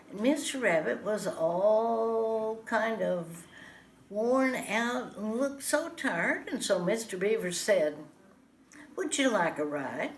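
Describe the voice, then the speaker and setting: A woman telling a folksy animal tale, unhurried and pausing often with "uh". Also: mid-range voice, slight background noise. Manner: unhurried, with many "uh" pauses. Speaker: storyteller. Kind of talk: folksy spoken storytelling.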